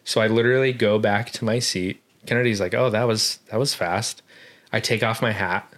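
A man's voice: lowish voice, fairly even intonation, moderate pace, a bit bright. A young man casually telling a long story on a podcast, rambling, swearing and laughing often. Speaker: podcast co-host.

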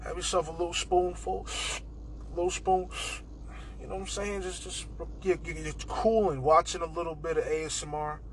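A man's voice: a little high, fairly even intonation, normal speed, a little hiss or hum, rough recording. A young man hosting a casual podcast monologue, rambling and swearing and saying "bro" a lot. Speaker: podcast host.

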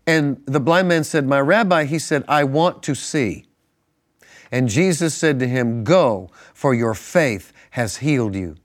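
A man's voice: on the high side, expressive, measured pace. A man co-hosting a Christian broadcast, teaching from the Bible in an earnest, conversational way and reading verses with rising emphasis. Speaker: pastor, co-host. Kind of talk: Bible teaching in casual studio chat.

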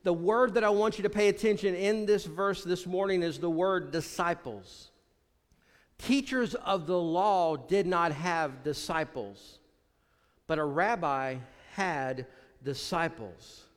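A man preaching a sermon as pastor, often dropping low and quiet to stress a point. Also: takes it slowly, in a large hall.

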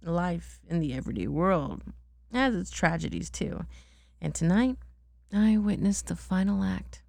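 A mother reading a bedtime story aloud to her child, gently and unhurried, with chatty asides. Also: lowish voice, expressive, vocal fry, no room sound.

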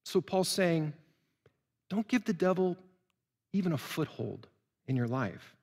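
A man's voice: fairly high pitch, lively intonation, unhurried, a little mellow. A male pastor preaching an earnest sermon to people watching at home, telling stories and building to fervent appeals. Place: church building. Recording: long reverb of a large church.

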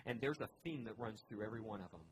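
A man's voice: fairly low pitch, racing, noisy background. Earnest man preaching a casual sermon. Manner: earnest, emphatic, conversational with restarts. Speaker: pastor.

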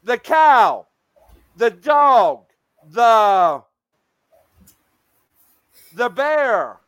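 High-voiced, slow-talking male streamer. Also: clear, resonant tone, no room sound. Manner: laughs often, excitable. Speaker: streamer host. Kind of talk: casual live-stream chat.

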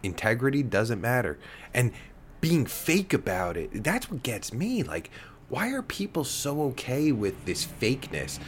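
Lively, profane man ranting. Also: mid-range voice, a little slow, a little hiss or hum. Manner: heated, swearing, rambling with many fillers. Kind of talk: profane podcast rant.

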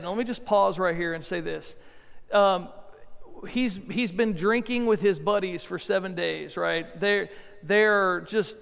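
A male pastor preaching in a loose, conversational way, tossing in jokes and stumbling over repeated words. His voice sits high and has a gravelly edge. It rings with the long reverb of a big hall. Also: steady tone, normal speed, a bit bright. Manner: conversational, joking asides, repeats words when restarting. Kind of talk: sermon.

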